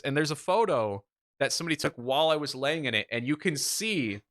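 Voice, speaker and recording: A man co-hosting a podcast, telling a story in casual chat with an animated, self-mocking manner and free swearing. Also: on the high side, a little fast, no room sound, clean studio sound. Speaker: podcast co-host.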